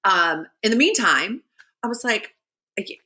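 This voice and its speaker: A woman telling a story as a podcast guest in casual chat, animated and chatty. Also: medium pitch, unhurried.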